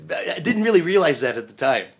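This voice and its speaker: Animated man telling stories. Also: on the high side, a little fast. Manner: animated storyteller, acts out quoted voices. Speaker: voice actor, guest. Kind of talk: casual interview chat. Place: living in Japan.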